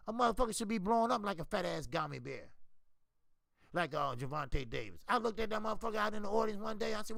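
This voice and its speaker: A man with a high-pitched, quick voice and some vocal fry hosts a casual boxing talk stream, cursing freely and answering viewers by name. He's animated throughout, and the recording is dry with no room sound.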